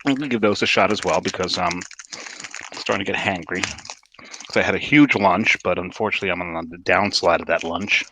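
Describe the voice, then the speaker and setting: A man co-hosting a casual beer show, making quick puns and quips. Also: low-pitched, bright, forceful tone, slight background noise. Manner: punning, fast, quips. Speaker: podcast co-host. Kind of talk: casual chat.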